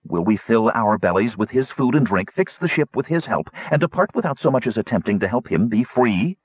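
Man doing a fiery woman warrior, forceful, persuasive, husky, dull lo-fi sound. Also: mid-range voice, big pitch swings, fairly quick, no echo.

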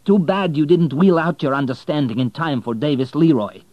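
A man's voice: mid-range voice, very animated, brisk, no echo, highs cut off, voice pushed up, lightly acted. A man voicing a furious proud hotelier. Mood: bitter. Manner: heated, bitter and raised. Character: angry proud male hotelier, middle-aged. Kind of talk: audiobook reading.

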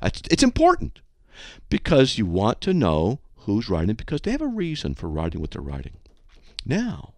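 Animated male radio host, dry sound. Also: fairly low pitch, normal speed, no room sound. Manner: animated, emphatic, acts out dialogues. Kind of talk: radio talk on Bible study.

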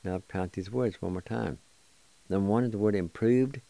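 A man's voice: on the low side, normal speed, vocal fry, mellow, no room sound. A man hosting a radio language lesson, patiently spelling and sounding out words one syllable at a time. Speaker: radio host teaching a language.

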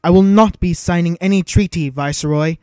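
A man reading aloud and voicing a young queen who speaks in a cool, calm and commanding manner. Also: a little high, brisk, no room sound, clean studio sound, lightly acted.

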